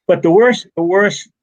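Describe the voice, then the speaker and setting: A man's voice: mid-range voice, dull audio. A man, a retired wrestling referee, telling rambling stories from his career with restarts and chuckles over a remote call. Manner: rambling anecdotes with restarts and laughs. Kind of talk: casual storytelling interview.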